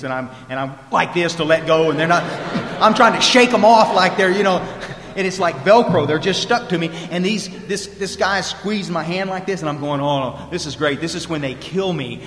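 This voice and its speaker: A man's voice: fairly high pitch, moderate pace, fairly bright tone, slight background noise. A man telling a personal recovery story to a group, drawling and restarting his sentences often. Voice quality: drawling, lots of restarts and repeated words. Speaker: recovery speaker. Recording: echoey hall with long reverb.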